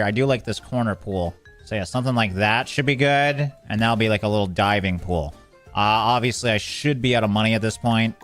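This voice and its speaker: A man's voice: mid-range voice, fairly bright tone. A man giving casual running commentary while playing a game, chatting to the characters on screen and getting flustered as things go wrong. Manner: talks to game characters, swears mildly, gets flustered. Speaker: gameplay commentator.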